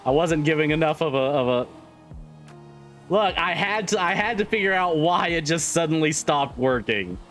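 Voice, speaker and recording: A man's voice: on the high side, animated, normal speed, fairly bright tone, soft background music. A man streaming a driving game live, chatting casually, swearing and repeating himself as he gets frustrated.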